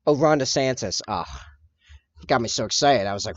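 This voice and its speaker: A man's voice: medium pitch, expressive, normal speed, no echo. Man, livestreamer, rambling casual chat, self-correcting, dry muffled audio. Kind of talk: casual chat while painting miniatures and answering chat. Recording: dull, dry lo-fi stream audio.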